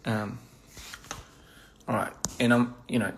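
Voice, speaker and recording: A man casually chatting on a phone livestream over a meal, halting and repeating words and laughing at his own slips. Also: mid-range voice, steady tone, vocal fry, a little hiss or hum. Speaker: livestream host. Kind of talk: casual livestream chat while eating. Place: indoors at a meal table.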